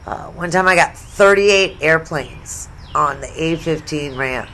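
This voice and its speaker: A woman's voice: sits low, measured pace, fairly bright tone. A middle-aged woman from the United States telling stories in a casual sports vlog, chatty, blunt and profane, with asides. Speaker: sports vlogger.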